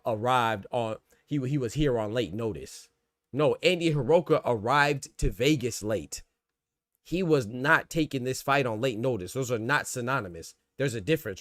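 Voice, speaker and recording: A man's voice: medium pitch, no echo. A man ranting in live boxing commentary, heated and slangy, often repeating words. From United States.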